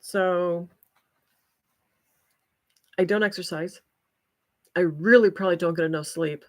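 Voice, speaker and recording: A woman's voice: fairly low pitch, measured pace. Chatty older woman with folksy exclamations. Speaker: livestream host. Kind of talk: casual chat with viewers.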